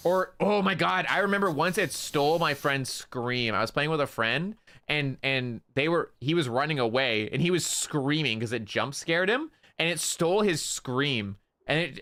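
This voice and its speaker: Bright-voiced man rambling on stream. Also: medium pitch. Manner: rambling, laughing storyteller who swears a lot. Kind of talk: casual gaming stream chat.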